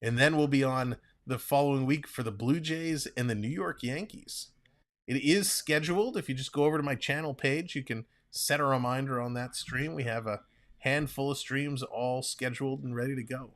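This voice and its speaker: A man calling a ball game play-by-play on a live stream, chatting and reading viewer comments between pitches. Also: moderate pace. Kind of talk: casual play-by-play with chat reading.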